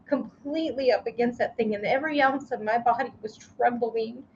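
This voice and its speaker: A woman's voice: a little high, darkish tone. Intense woman telling a personal story. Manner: intense, emotional retelling with halting restarts. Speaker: guest, life coach. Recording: slightly dull, lo-fi sound with faint noise.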